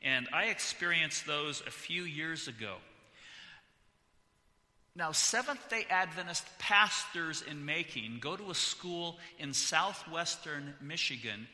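The pastor, a middle-aged man from California, uses a slow pace and lively intonation, his somewhat high voice pushed and bright. Standing in the church sanctuary with its hall reverb, he delivers chatty, joking announcements full of restarts ahead of his sermon.

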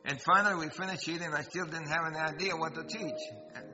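A man's voice: on the high side, fairly even intonation, fast. A man who is a pastor, telling a personal story in a sermon and asking his listeners questions. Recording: long hall reverb, dull sound, guitar music behind. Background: guitar music.

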